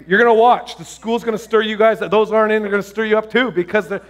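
A male pastor preaching a sermon, telling stories with excitement and lots of restarts and fillers. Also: high voice, fast talker.

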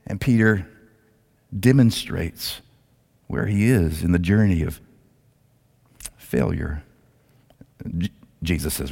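A male pastor preaching a sermon as a dramatic storyteller who swings between loud, rising lines and hushed, low ones. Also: slow pace, vocal fry, pauses often, breathy edge. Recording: long hall reverb.

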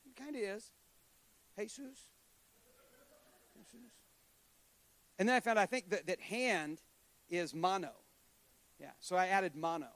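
A man's voice: high-pitched, moderate pace, a bit bright, no room sound. A middle-aged man preaching a sermon to a congregation, conversational and joking, with self-deprecating asides. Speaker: guest preacher.

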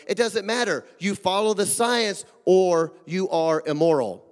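High-voiced pastor preaching in a hall. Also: male voice, normal speed, few pauses. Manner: emphatic, rhetorical questions, swings between loud and hushed. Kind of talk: sermon. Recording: long hall reverb.

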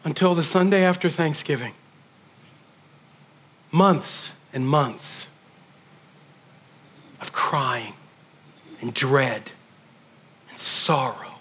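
A middle-aged man preaching a sermon as pastor, swinging from loud emphatic declarations to hushed, almost whispered passages. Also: a little high, extremely slow, long pauses, slightly rough.

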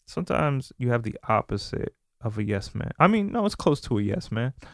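A man's voice: medium pitch, big pitch swings, fairly quick, gravelly, no room sound, studio quality. Earnest man giving casual advice. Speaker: podcast co-host and event videographer. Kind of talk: casual chat.

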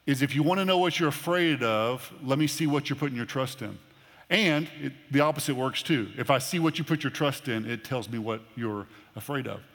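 A man delivers a sermon from the pulpit in an earnest, conversational way, often repeating a word before his thought lands. His voice sits at an ordinary middle pitch. It rings out with the long reverb of a church sanctuary. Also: fairly bright tone. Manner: earnest, repeats words when starting phrases. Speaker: pastor.

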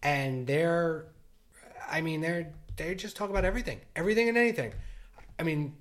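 Rambling dad podcaster. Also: male voice, a little high, moderate pace. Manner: rambling, many restarts and "like" fillers. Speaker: podcast co-host. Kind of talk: casual chat.

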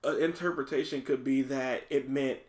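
A woman co-hosting a casual chat, laughing often and chiming in with quick agreement. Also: a bass voice, fairly even intonation, darkish tone. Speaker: podcast co-host. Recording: roomy echo.

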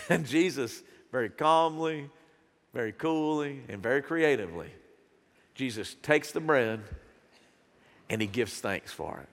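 A male pastor preaching a sermon, earnest and animated, with sudden loud bursts. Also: fairly high pitch, unhurried, pauses often, in a large hall.

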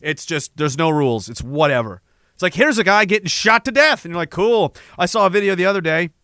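A man from Canada hosting a casual livestream, telling stories in a profane, rambling, animated way. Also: high voice, brisk, no room sound, clean studio sound. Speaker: livestream host.

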